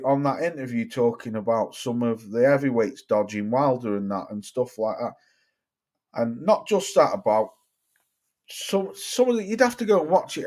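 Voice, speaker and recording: A man's voice: mid-range voice, darkish tone. A man, ranting casually and swearing while reacting to his live chat. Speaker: streamer.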